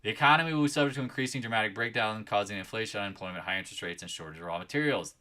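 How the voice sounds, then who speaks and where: A man hosts a live market chat and rants at his viewers in a scolding tone. His voice is bright and forceful, and he keeps raising it to drive his points home. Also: on the low side, rapid-fire. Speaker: trading channel host.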